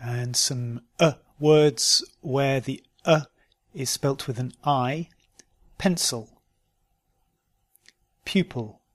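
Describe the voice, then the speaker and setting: A man teaching pronunciation, reading word lists slowly and clearly for learners to repeat. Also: medium pitch, dry recording. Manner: slow, deliberate, isolated words for repetition. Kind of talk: slow word-list drill.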